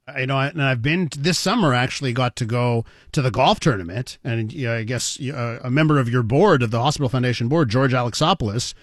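A man's voice: medium pitch, a little fast, few pauses, no echo, clean studio sound. A man hosting an interview, asking questions in a chatty, playfully teasing way. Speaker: radio interview host. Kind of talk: conversational interviewing.

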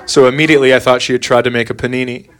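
A man's voice: medium pitch, little pitch movement, rapid-fire, a bit bright, a little hiss or hum. A middle-aged man doing stand-up, telling a story about his son in a wry, exasperated dad voice. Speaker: stand-up comedian. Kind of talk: stand-up storytelling to a live crowd. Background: audience laughter.

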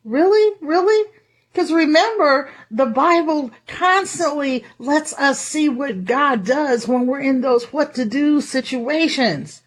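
Brief: high-pitched woman preacher, lively and chatty, laughs through her sermon. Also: slow pace, hardly any pauses. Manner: lively, conversational, laughs often.

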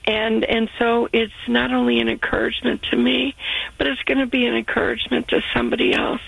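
A woman with a deeply gravelly, creaky voice calls in to share her thanks. She speaks earnestly, pausing and restarting her sentences, in a slightly high register. The sound is close and dry. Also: level tone, a bit bright, no echo, low-quality recording. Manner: earnest, halting, restarts mid-thought. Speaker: caller. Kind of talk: grateful call-in testimony.

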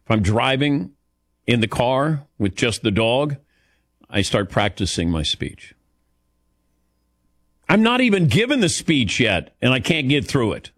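A man's voice: medium pitch, big pitch swings, unhurried, pauses often, a bit bright, no echo, studio quality. A middle-aged man hosting a call-in radio show, chatting casually with callers in a rambling, self-deprecating way.

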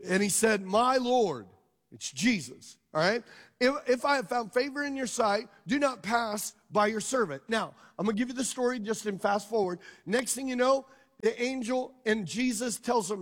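A high-voiced, middle-aged preacher moves at a moderate pace through a sermon built around his own experience. He tells it vividly and keeps asking his congregation questions.

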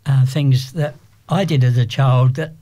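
Older English man, mellow and halting. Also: medium pitch, fairly even intonation. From England. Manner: rambling, halting with many restarts. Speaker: interview guest. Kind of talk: casual interview.

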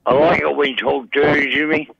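A man calling in to a radio show, making deadpan dry jokes over a muffled phone line. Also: a little high, brisk, vocal fry, husky. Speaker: caller. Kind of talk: call-in chat.

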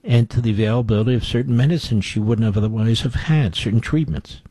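A man's voice: mid-range voice, fast talker, dark tone, slightly rough, no room sound. Indignant male political talk host. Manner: indignant, emphatic, repeats phrases for effect. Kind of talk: opinionated monologue.

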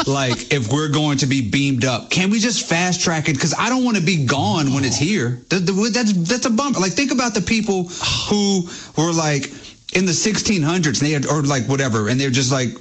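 A man co-hosting a radio show, rambling and excitable with lots of fillers. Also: fairly high pitch, moderate pace. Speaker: radio co-host. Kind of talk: radio talk. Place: radio studio.

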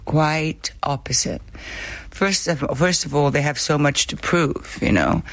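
Emphatic middle-aged actress in interview. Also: female voice, low voice, unhurried, dry recording. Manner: emphatic, repeats key words. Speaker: actor as interview guest. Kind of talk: interview answers.

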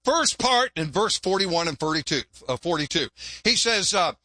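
A man's voice: high-pitched, sing-song, moderate pace, bright, forceful tone, no room sound. An older pastor preaching a sermon in a folksy, joke-telling way, often repeating his words. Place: church.

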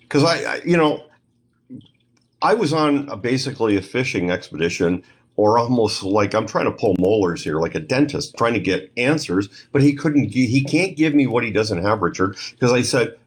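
A middle-aged man, a guest on a podcast, telling a story in an animated way and acting out the dialogue he quotes. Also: medium pitch, normal speed, breathy edge. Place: lives in Canada.

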